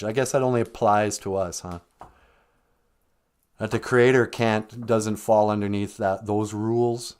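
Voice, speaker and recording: A man's voice: lowish voice, expressive, measured pace, pauses often, darkish tone. A man delivering a rambling, sardonic comic monologue on a live stream. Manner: sardonic, rambling, with mocking put-on voices.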